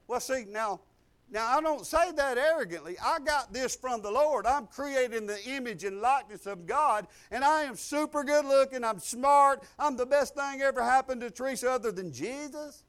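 An older man preaching a sermon, folksy and exuberant, breaking into loud outbursts. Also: very high voice, animated, moderate pace. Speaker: pastor.

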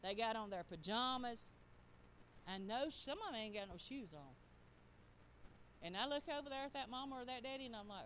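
A woman's voice: a little high, animated, moderate pace, pauses often, fairly bright tone, slight background noise, poor audio. A middle-aged woman preaching a sermon, talking straight to the congregation in a folksy way.

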